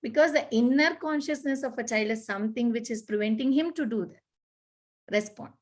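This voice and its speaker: A woman giving parenting advice in an earnest, animated conversational way. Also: fairly high pitch, a little fast. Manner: earnest, repetitive, animated explaining with acted-out examples. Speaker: parenting expert guest.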